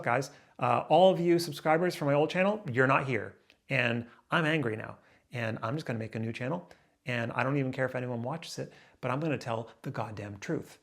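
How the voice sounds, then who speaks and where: A man in his late thirties vents in an angry, unscripted vlog rant, with a gravelly, creaky edge to his mid-pitched voice. He swears freely, trips over his own restarts, and jumps from loud bursts to low muttering. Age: 30s. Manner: swings between loud outbursts and low muttering. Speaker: vlogger. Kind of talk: raw emotional rant to camera.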